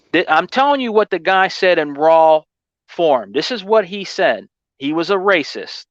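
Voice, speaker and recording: A man's voice: high voice, animated, a little fast, a bit bright, dry recording, muffled recording. A man hosting a gaming channel, telling a story in casual chat, rambling and often repeating "you know what I mean" and "man".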